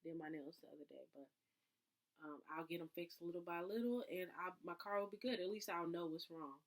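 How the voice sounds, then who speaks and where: Chatty woman venting in a vlog. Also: brisk. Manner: chatty, reflective, filler-heavy with frequent "like" and "um"; jumps into higher, louder acted outbursts when venting. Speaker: vlogger. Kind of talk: casual confessional vlog.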